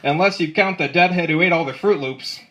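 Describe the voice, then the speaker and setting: A man doing a deliberately bad Canadian accent as a cheery stereotypical Canadian, folksy with drawn-out asides. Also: fairly high pitch, lightly acted. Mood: chummy. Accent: put-on Canadian. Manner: folksy, drawn-out "eh" and "don't you know". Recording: live room with crowd laughter. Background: audience laughing.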